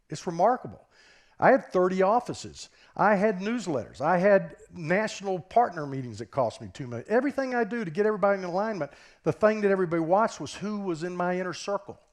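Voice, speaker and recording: A man with a Southern US drawl speaks from a conference stage, his voice sitting a little high for a man. He talks in a loose, conversational way, tossing rhetorical questions at the room, and a stage mic carries him. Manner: conversational, keeps checking in with the audience with rhetorical questions. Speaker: business professor giving a keynote. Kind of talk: conference keynote talk. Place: conference stage before a live audience.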